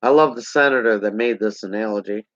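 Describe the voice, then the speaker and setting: A man's voice: fairly low pitch, fairly quick, fairly bright tone, no echo. A man ranting sarcastically to a camera, heated and rambling. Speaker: vlogger. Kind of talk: political rant to camera. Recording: dull lo-fi sound.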